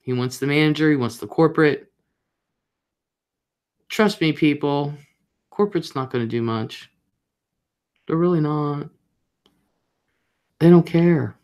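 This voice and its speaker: A woman's voice: deep voice, a little slow, pauses often, darkish tone. A woman hosting a casual livestream, chatting straight to her viewers in a rambling, talkative way. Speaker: livestream host.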